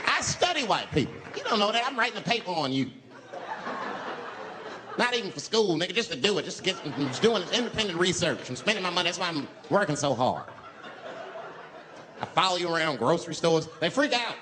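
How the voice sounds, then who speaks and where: A man's voice: sits high, sing-song, a little fast, pauses often. A man from the United States doing a stand-up routine, telling stories in a loose way with punchy, profane asides. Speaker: stand-up comedian. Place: stage before a laughing audience. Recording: noisy live show recording.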